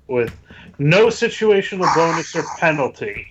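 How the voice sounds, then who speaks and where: A man playing in a tabletop game, speaking slowly and deliberately over voice chat. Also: medium pitch, lively intonation, a bit bright, highs cut off, a little hiss or hum. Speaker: player.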